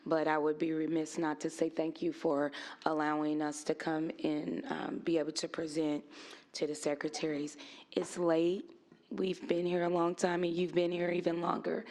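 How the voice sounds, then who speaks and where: A woman's voice: low voice, completely flat delivery, normal speed, darkish tone. A woman at a school board meeting giving upbeat, encouraging announcements and thanks in a meeting room.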